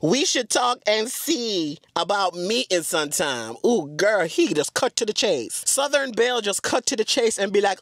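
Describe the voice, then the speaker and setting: A man's voice: sits high, expressive, moderate pace, few pauses, fairly bright tone, dry recording, studio quality. A man telling a story from inside a car in a sassy, dramatic way, calling his audience girl and breaking into bits of song. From Atlanta area. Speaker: storytime vlogger. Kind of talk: casual storytime chat.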